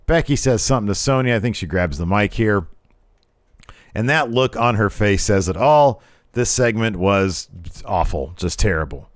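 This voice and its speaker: A man's voice: fairly low pitch, animated, moderate pace, no room sound, studio quality. A young adult man giving chatty, sarcastic commentary over wrestling footage, rambling a little. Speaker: wrestling video host.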